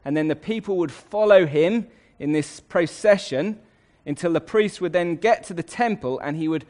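A man delivers a sermon from a Bible passage. His voice sits a little high. He is emphatic and slows right down to stress the words that matter. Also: darkish tone. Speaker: preacher.

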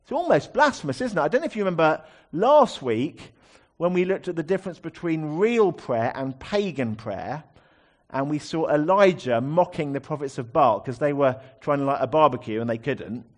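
A man's voice: a little high, animated, normal speed. A man preaching a sermon, explaining a psalm in a conversational teaching manner with rhetorical asides.

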